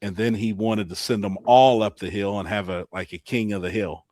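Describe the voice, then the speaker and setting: A man hosting a casual podcast, telling racing-weekend stories with lively acted-out quotes and frequent laughter. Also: fairly low pitch, a little fast, dry recording. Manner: animated storyteller, laughs often, acts out quotes. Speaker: podcast host. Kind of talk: casual storytelling chat.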